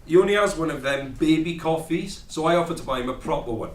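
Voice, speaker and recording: A man's voice: fairly high pitch, lively intonation, quick pace, a little hiss or hum, close to an everyday voice. An actor with a Welsh accent performing a stage monologue as a brash, foul-mouthed young Welshman with wry, swearing asides, recorded from a distance in a room. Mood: sardonic. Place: rehearsal room. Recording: roomy, distant mic.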